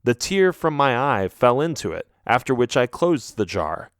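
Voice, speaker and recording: A man reading a children's ghost story aloud as an audiobook narrator, telling it in an expressive storytelling manner. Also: medium pitch, normal speed, clean tone, dry recording, studio quality. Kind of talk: scripted narration.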